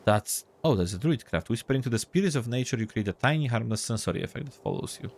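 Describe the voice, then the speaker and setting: Here a male streamer reads game text and muses casually while playing an RPG, delivering relaxed let's-play commentary. His voice sits at medium pitch, and he talks fast with lively intonation.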